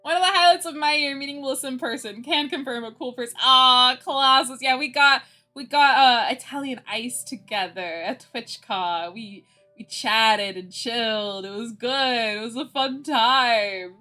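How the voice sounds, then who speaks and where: A woman's voice: high voice, normal speed, sharp tone. A woman hosting a livestream, chatting casually with her viewers and laughing often between lines. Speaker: livestream host. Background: faint background music.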